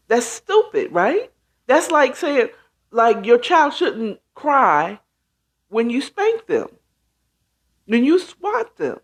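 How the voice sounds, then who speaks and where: Woman host, casual monologue, slow and emphatic, lively pitch swings. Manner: emphatic, conversational, acts out quoted reactions. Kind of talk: casual talk show monologue.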